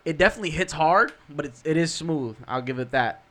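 Joking man, slightly high voice. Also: lively intonation, fairly quick, a crowd in the background. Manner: joking, playfully formal asides. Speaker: podcast co-host. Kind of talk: casual chat.

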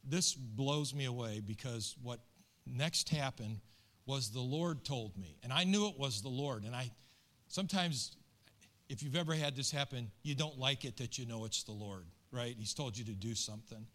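Earnest pastor telling a story. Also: male voice, mid-range voice, normal speed, fairly bright tone. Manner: earnest, emotional, colloquial storytelling. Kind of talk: sermon storytelling.

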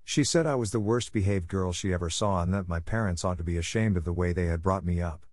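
A man's voice: low-pitched, fast talker, a little mellow, no room sound, natural voice. A man voicing a loyal, spirited young girl who speaks frankly, a little scornfully.

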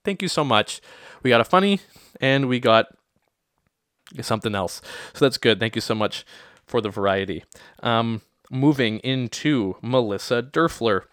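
A young adult man hosting a podcast, telling stories casually with lively acted-out quotes. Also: mid-range voice, a little slow, smooth, no room sound, clean studio sound. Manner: animated, lots of acted-out quotes and laughter. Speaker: podcast host. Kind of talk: casual storytelling monologue.

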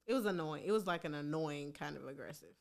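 A woman's voice: deep voice, quick pace, gravelly, a little mellow. A woman chatting casually, blunt, sassy and profane. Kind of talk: casual chat.

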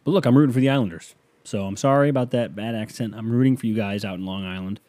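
A man's voice: lowish voice, fast, mellow. A man hosting a podcast, chatting casually about hockey in a rambling, joking way with some swearing, his voice a bit sore. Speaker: podcast host. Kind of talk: casual sports chat.

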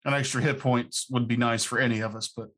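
A man's voice: mid-range voice, fairly even intonation, fast, a bit bright. A man playing a tabletop game, chatting casually and making dry jokes. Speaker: player, regular of the show.

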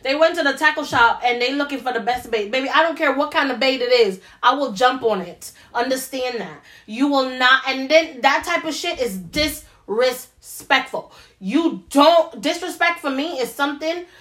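A woman in casual chat, blunt and animated, with a lot of profanity. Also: high-pitched, moderate pace.

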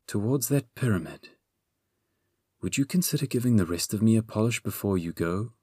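A man voicing a proud, crafty female stone sphinx in an audiobook, slow and stately in her riddling. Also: on the low side, lively intonation, warm tone, breathy edge, no echo, clean studio sound. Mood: drowsy. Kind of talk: audiobook character voice.

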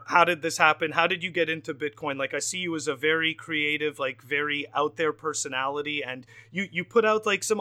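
A man's voice: fairly high pitch, bright, forceful tone. Upbeat rambling male podcast host. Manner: enthusiastic, rambling with many fillers and restarts. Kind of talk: casual podcast interview.

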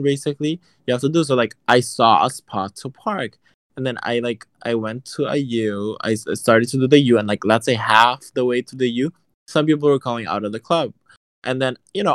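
A man in casual chat, telling a story in an animated, profane and sassy way. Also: medium pitch, no echo.

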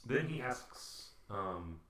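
A man with a fairly low, sing-song voice speaks extremely slowly in a sharp tone, with reverberation and slight background noise. Hosting a podcast, he chats casually about a movie, rambling, joking, and slipping into put-on voices.

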